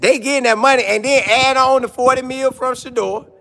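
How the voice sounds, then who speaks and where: Very high-pitched, brisk, and touched with vocal fry, this man's voice carries a casual live stream chat. He reads comments aloud, jokes around with animated energy, repeats lines, and does mock voices.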